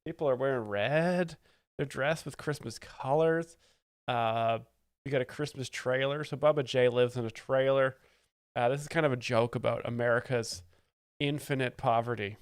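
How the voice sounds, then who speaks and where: A man hosts a comedy live stream, breaking down stand-up jokes with sarcastic, mock-expert commentary in a casual style. His mid-range voice is clear and resonant, with fairly even intonation at normal speed, recorded dry with clean studio sound.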